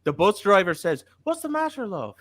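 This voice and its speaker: A man's voice: high-pitched, sing-song, moderate pace, a bit bright, pitched above the performer's own voice. A man doing a put-on Irish accent as a teasing male heckler, roasting a listener on a podcast. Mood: mocking. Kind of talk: comedic impression on a podcast.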